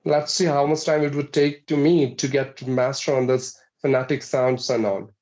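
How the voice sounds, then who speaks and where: As an interview guest, a man from India earnestly explains, point by point with numbered tips, how he learned to speak. His voice is medium-pitched and darkish, delivered flatly at a normal speed, and the recording is rough.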